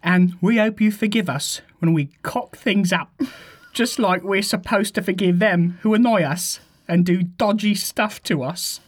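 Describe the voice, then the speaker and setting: A man reading a prayer aloud as a cheeky Cockney bloke, in a put-on Cockney accent, chummy and slangy. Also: sits high. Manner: chummy, slangy, suppressing laughter. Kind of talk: comic dramatic reading.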